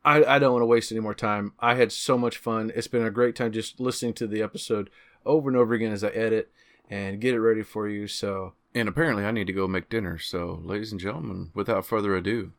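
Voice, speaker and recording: A man's voice: fairly low pitch, fairly even intonation, fast talker, a bit bright. Enthusiastic man hosting a podcast. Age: 30s. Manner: enthusiastic, chatty, self-deprecating about age. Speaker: podcast host. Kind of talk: podcast intro and interview.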